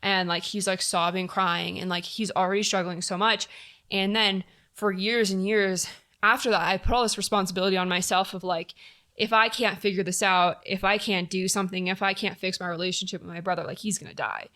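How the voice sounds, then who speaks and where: Young woman guest, bright tone, candid and casual, swears freely. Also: mid-range voice, level tone, fairly quick. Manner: candid, frequent fillers and swearing. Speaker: podcast guest. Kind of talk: casual personal storytelling.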